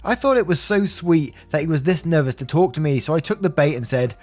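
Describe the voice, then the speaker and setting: Man reading stories over soft music. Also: on the high side, lively intonation, a little fast. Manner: chuckles while commenting. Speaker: story narrator. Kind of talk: reading online stories aloud with commentary.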